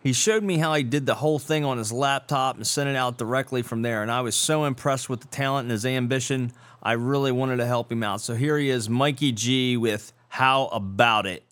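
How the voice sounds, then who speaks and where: A man's voice: medium pitch, fairly quick, few pauses, a bit bright. A man hosting a show, reading a scripted introduction in a dry, sarcastic way. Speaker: show host.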